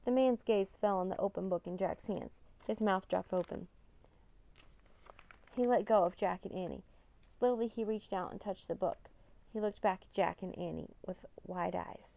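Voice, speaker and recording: A woman narrating an audiobook in a calm, steady storytelling manner. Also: medium pitch, normal speed, vocal fry, narrow, tinny audio.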